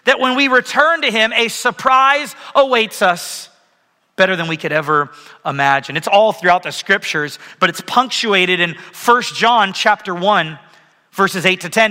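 A man in his thirties gives a sermon in a large church auditorium, his high, bright voice ringing with a long hall reverb. He tells stories with animated energy and calls on the audience to raise their hands. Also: a little slow. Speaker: pastor.

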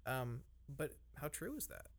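A man's voice: medium pitch, sing-song, unhurried. A man in a casual podcast discussion, speaking earnestly with a preacher's emphasis.

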